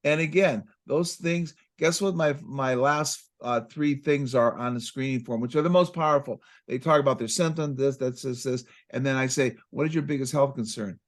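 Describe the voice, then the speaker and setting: An excitable man tells stories in an animated, conversational way, acting out both sides of his exchanges with patients. His voice sits at an ordinary middle pitch. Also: normal speed, few pauses. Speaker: chiropractic practice coach. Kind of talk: casual conversational talk.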